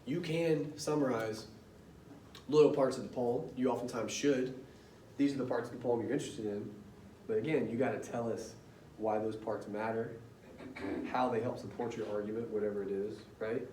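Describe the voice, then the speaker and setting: A man's voice: mid-range voice, fairly even intonation, normal speed, warm tone, a little hiss or hum. Brief: man teaching a class, chatty and questioning, heard from across an echoey room. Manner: conversational, quizzes students with questions. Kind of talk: classroom lecture. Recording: roomy classroom audio from far off.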